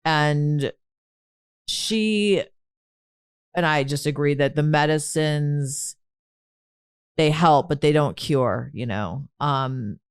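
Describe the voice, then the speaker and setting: A woman's voice: deep voice, slow, long pauses, clear, resonant tone, dry recording, clean studio sound. A woman hosting a podcast, chatting casually with a guest in a chatty, self-deprecating way and hedging her words. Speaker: podcast host. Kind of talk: casual interview chat.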